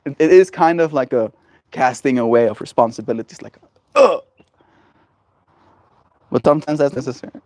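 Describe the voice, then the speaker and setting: A man streaming live from a porch, chatting with his viewers in a gentle, rambling way full of fillers. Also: medium pitch, fast, no room sound. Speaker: livestreamer. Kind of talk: casual chat with viewers. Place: outdoors on a porch.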